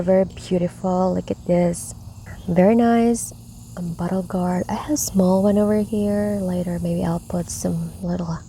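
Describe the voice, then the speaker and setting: A woman hosting a gardening vlog outdoors in her backyard garden, talking softly with many fillers and often dropping to a whisper. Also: fairly low pitch, creaky, a little hiss or hum. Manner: soft-spoken, slips into whispers, many fillers. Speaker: gardening vlogger. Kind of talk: casual harvest walkthrough. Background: crickets and insects.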